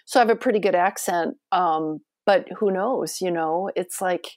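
A woman's voice: lowish voice, normal speed, a little mellow, no room sound, clean studio sound. A woman talking as a podcast guest, chatty and effusive, with many fillers. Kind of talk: casual conversation.

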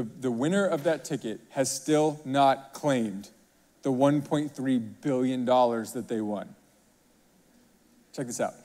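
Animated pastor in a reverberant hall. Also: male voice, on the high side. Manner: animated storytelling, rhetorical questions. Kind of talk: sermon.

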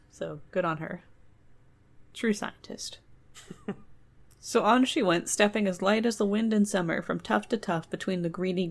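A woman's voice: fairly low pitch, gravelly. A woman reading a folk tale aloud and breaking off into joking asides. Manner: joking digressions, trailing off. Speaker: storyteller host. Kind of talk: casual storytelling with asides.

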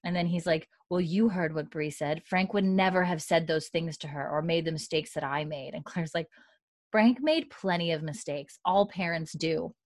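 A woman's voice: deep voice, moderate pace, no room sound, studio quality. Chatty woman retelling a show. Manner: animated retelling, acting out characters' lines, many "like" fillers. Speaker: podcast co-host recapping a TV episode. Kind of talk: casual chat.

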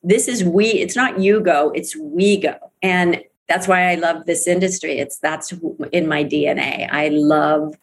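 A middle-aged woman with a low voice talks candidly as an interview guest about her network marketing career. She speaks a little slowly with few pauses, earnest and emphatic, repeating phrases to give them weight.

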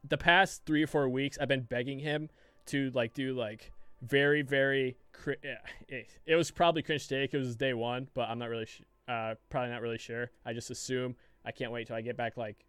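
A man co-hosting a casual podcast, his voice smooth and resonant. He rambles through a story, swearing freely and restarting his sentences, and the sound is close and dry. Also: medium pitch, fairly bright tone, dry recording. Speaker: podcast co-host.

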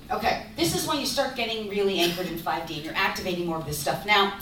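A woman's voice: mid-range voice, a little hiss or hum. A woman giving an emphatic spiritual talk, asking rhetorical questions as she explains. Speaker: spiritual speaker. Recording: echoey room from far off.

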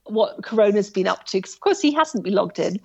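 A woman telling a story about her hike in a casual, animated way, full of asides and restarts. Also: mid-range voice, fairly quick, creaky, husky, highs cut off. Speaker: guest recounting a hike.

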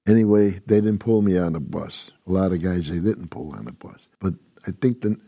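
A man's voice: sits low, moderate pace, vocal fry, dark tone, no room sound, studio quality. An older man from upstate New York, a former prison inmate telling his story in a blunt, rambling, constantly swearing way. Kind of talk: casual profane storytelling.

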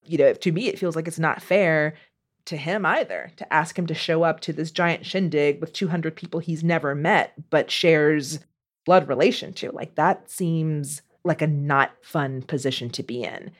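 Low-voiced woman co-hosting an advice podcast. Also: moderate pace. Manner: thoughtful, talks through questions aloud. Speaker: podcast co-host. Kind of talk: casual advice-podcast chat.

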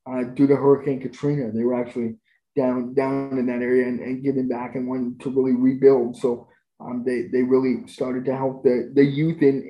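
A man's voice: medium pitch, highs cut off. A man telling stories as a podcast guest in a conversational, enthusiastic way. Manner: enthusiastic, gushing about experiences. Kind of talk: conversational storytelling. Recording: roomy echo.

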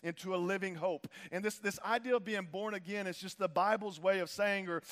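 A man's voice: high-pitched, fairly even intonation, brisk, fairly bright tone, in a large hall. A male pastor preaching a sermon in a casual, slangy way, repeating phrases for emphasis.

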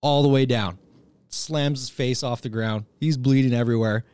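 A young man in casual chat, relaxed and swearing freely, laughing often as he tells a story. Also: mid-range voice, moderate pace, clear, resonant tone, no room sound.

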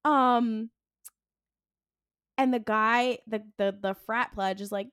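Young woman, podcast co-host, casual recap, animated quoting, higher voice, dry sound. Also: a little slow, pauses often, smooth, no echo. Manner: animated, acts out characters' lines in quotes, laughs often. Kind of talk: casual chat recapping a TV episode.

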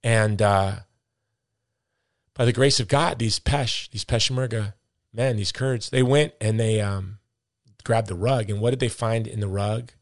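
A man's voice: fairly low pitch, steady tone, a little slow, dry recording, studio quality. A middle-aged man hosting a podcast, ranting with emphatic, repeated words as he comments with passion. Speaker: podcast host.

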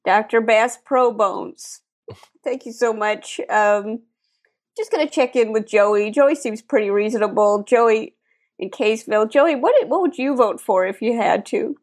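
A woman's voice: fairly high pitch, unhurried, a little mellow. Chatty woman hosting a stream game. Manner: chatty, hesitant with fillers. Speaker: game show host.

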